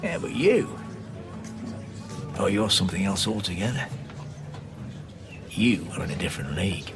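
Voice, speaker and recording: An actor playing a smug boss, chatty then quietly threatening. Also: male voice, sits low, big pitch swings, moderate pace, music in the background. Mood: jovial. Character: smug boss turning menacing.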